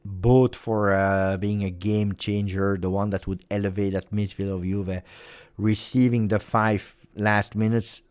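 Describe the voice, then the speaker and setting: A man's voice: lowish voice, flat delivery, a little slow, a little mellow, smooth. A man hosting a live match watch-along, reacting emotionally and pleading with the players. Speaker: fan channel host.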